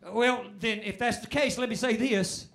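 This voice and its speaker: A man preaching a sermon, moving from shouted calls for praise to quieter, quicker teaching. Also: very high-pitched.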